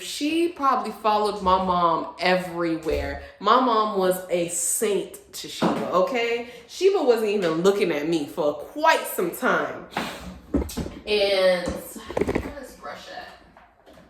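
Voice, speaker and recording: A woman in her late twenties from a Haitian family, telling a personal story in an animated, expressive storytime vlog. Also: mid-range voice, slow, noisy background. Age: late 20s. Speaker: vlogger. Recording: roomy echo.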